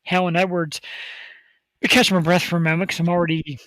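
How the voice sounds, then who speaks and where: A male talk show host hyping up upcoming guests in a rambling, excitable way. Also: high-pitched, fast, no room sound, poor audio. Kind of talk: casual talk show chat.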